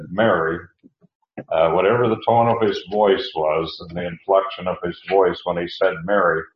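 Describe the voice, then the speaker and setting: A man preaching an expository sermon as pastor, halting often with fillers and restarts as he works through the text. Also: sits low, echoey room, dull audio.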